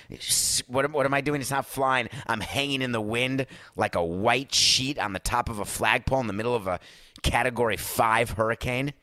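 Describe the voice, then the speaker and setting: Forceful, ranting sports talk host man. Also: mid-range voice, moderate pace, no room sound, studio quality. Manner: emphatic, sarcastic, ranting. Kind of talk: opinionated sports radio monologue.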